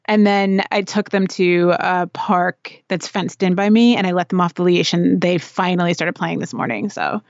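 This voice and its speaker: A woman co-hosting a podcast, telling stories in a chatty, animated way with lots of fillers. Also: on the low side, moderate pace, few pauses, dry recording, muffled recording. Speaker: podcast co-host. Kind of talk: casual chat.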